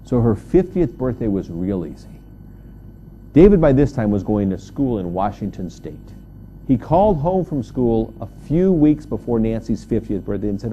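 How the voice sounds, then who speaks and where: Male keynote speaker, funny storyteller, animated delivery, mellow tone, slightly muffled recording. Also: normal speed, a little hiss or hum. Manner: animated storyteller, jumps high on punchlines. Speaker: motivational speaker. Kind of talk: humorous keynote talk.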